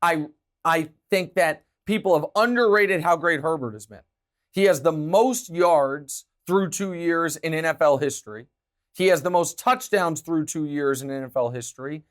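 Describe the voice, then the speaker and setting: A man hosting a sports talk show, delivering opinionated commentary in an emphatic, animated way. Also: fairly high pitch, moderate pace. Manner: emphatic, animated, talks with his hands.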